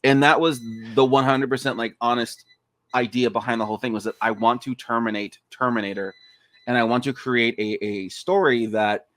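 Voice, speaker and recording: A man's voice: medium pitch, moderate pace, no echo. A man guesting on a podcast, chatting casually and animatedly about his film, swearing and acting out quotes. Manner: animated, swears, acts out quotes in funny voices. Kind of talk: casual interview chat.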